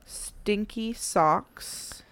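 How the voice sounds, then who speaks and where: A woman co-hosting a podcast in casual chat, chatty and quick to laugh. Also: mid-range voice, a bit bright, clear, resonant tone, no room sound. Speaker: podcast co-host.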